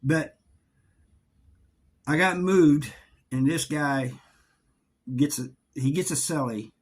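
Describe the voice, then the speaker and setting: A middle-aged man telling a story from his time in prison in a casual, halting way, often repeating words. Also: on the high side, slightly rough. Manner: halting, repeats words, drawling Southern-sounding grammar.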